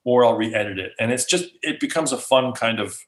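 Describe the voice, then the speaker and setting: A man chatting casually as a guest speaker, animated and full of fillers. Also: medium pitch, a little fast, roomy sound. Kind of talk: casual chat.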